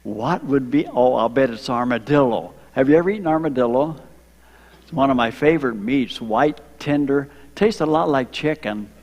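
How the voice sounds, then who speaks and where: An older man from Ohio, a retired missionary, telling his story to a church congregation, slowing down for emphasis and drawing in the children. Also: medium pitch, a little mellow. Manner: storytelling, slows for emphasis, engages kids. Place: church sanctuary. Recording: long hall reverb.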